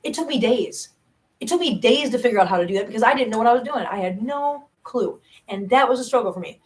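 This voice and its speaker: A woman's voice: on the high side, lively intonation, quick pace. Brief: middle-aged woman, casual streamer, loose chatty delivery with restarts. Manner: chatty, rambling, frequent restarts and self-laughs; reads viewer chat aloud. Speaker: YouTube cat channel host. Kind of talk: casual live stream chat.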